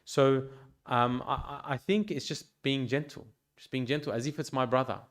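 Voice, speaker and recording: A man, a priest, giving an informal pastoral talk to a youth group in a gentle, reflective way, with frequent restarts and fillers. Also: medium pitch, steady tone, normal speed. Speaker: priest leading a youth meeting. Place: church hall.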